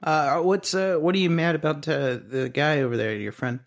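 Gravelly man cracking dry jokes. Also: on the high side, fairly even intonation, normal speed. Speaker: podcast co-host. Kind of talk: casual chat.

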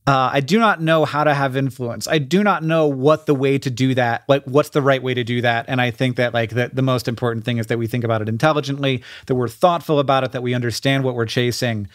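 A man's voice: mid-range voice, steady tone, fast, hardly any pauses, no room sound, studio quality. A man co-hosting an advice podcast, reading listener questions and answering in a rambling, self-deprecating way with frequent laughter. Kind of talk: casual chat.

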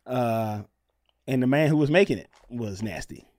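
A man co-hosting a podcast, telling stories in an animated, emphatic casual chat. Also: medium pitch, moderate pace, no echo, clean studio sound. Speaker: podcast co-host.

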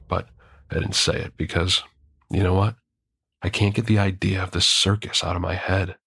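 A man narrating a horror story in a measured, grim first-person telling. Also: deep voice, gravelly, fairly bright tone, slightly rough, no echo, clean studio sound.

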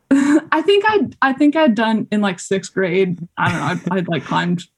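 Gravelly, husky young woman chatting casually. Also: mid-range voice, unhurried. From Colorado. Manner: chatty, many fillers, acts out quoted voices. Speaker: podcast guest, climber. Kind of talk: casual interview chat.

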